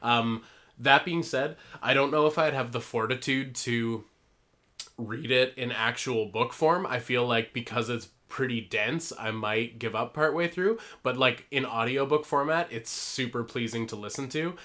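A man's voice: mid-range voice, measured pace, bright, forceful tone. A young man hosting a podcast, chatting casually and rambling with laughs. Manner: rambling, laughs often, fillers. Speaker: podcast host. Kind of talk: casual chat.

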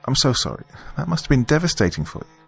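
A man voicing a tearful young woman who speaks softly, grieving and resentful, in an audiobook. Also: medium pitch, very animated, fast, creaky, husky, faint music behind, pitched above the performer's own voice, exaggerated voice. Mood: tender. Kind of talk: audiobook character voice.

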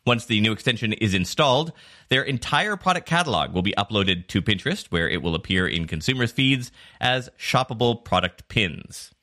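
Lively low-voiced male podcast host. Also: moderate pace. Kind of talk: scripted podcast narration.

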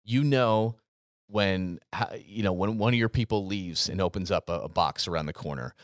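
A man with a fairly low voice talks in a casual podcast chat, earnest and emphatic, circling back over his words. The sound is dry and close to the mic. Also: normal speed, no echo. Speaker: podcast co-host, gym business coach.

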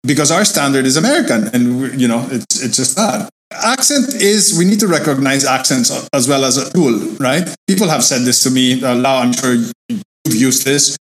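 A man's voice: medium pitch, expressive, normal speed, fairly bright tone. A Filipino man in a casual discussion, talking emphatically and agreeably with frequent "you know.".

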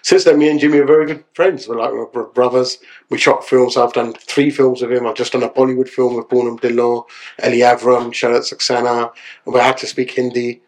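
A man's voice: mid-range voice, little pitch movement, brisk. Man, podcast guest, chatty storyteller, casual talk. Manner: chatty storyteller, keeps tagging lines with "yeah?". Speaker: podcast guest, solicitor and actor.

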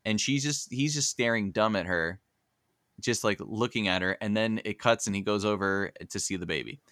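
A man hosting a podcast, casually recapping a cartoon episode with animated, joking storytelling. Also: fairly low pitch, moderate pace, no room sound, studio quality. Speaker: podcast host.

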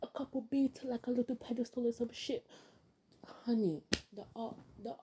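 A woman in an excited, casual rant to the camera, gushing and swearing, who often drops into a breathy whisper. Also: fairly high pitch, moderate pace, background noise. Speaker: fan vlogger.

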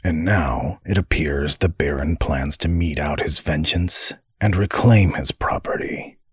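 A man's voice: a bass voice, measured pace, husky, dry recording, studio quality, heavily acted. A man doing a blunt, scolding halfkin brother.

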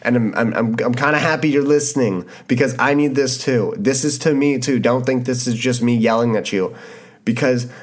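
A man's voice: mid-range voice, normal speed. Impassioned young man, motivational monologue. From Canada. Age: 20s. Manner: impassioned, repetitive, swears casually. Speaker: podcast host.

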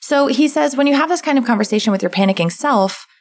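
A woman's voice: sits high, expressive, fast talker. A woman co-hosting a podcast, explaining a book's ideas in a casual, list-by-list way. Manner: explains in lists, acts out quoted voices. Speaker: podcast co-host summarizing a book. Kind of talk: casual chat.

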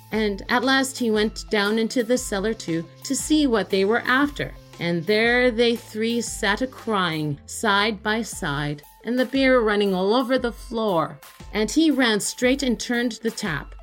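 Woman telling a folk tale. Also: medium pitch. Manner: lively read-aloud, lifting her voice for characters' cries. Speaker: podcast host reading a folk tale. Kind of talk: storytelling narration.

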